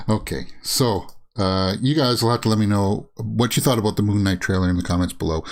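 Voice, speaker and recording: A man's voice: on the low side, moderate pace. A man hosting a casual movie news show, rambling through reactions with many fillers and frequent chuckles. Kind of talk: casual commentary while browsing and reading tweets.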